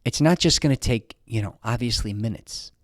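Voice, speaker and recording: Recorded at studio quality with no echo, a man in his fifties speaks at normal speed in a medium-pitched voice. This fitness vlogger delivers a casual motivational talk to camera with blunt, rambling advice, freely cursing and starting sentences over.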